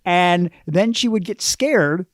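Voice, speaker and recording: A man's voice: sits high, expressive, slow, no room sound, clean studio sound. A man co-hosting a podcast, telling rambling, self-mocking stories in casual chat. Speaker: podcast co-host.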